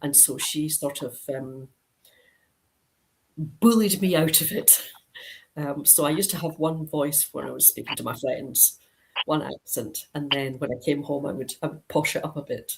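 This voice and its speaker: A gravelly, low-pitched voice at moderate pace belongs to a middle-aged Scottish crime author from Dundee, guesting on a casual video-call interview. The low-quality recording has slight background noise, and her talk rambles with frequent ums and restarts.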